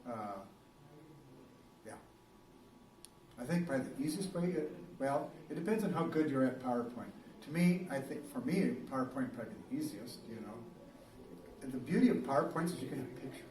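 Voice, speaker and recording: A man's voice: mid-range voice, animated, a little fast, long pauses, a little mellow, slight background noise. A male biology teacher giving a casual, rambling classroom lecture, full of fillers and restarts. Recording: roomy classroom, recorded from a distance.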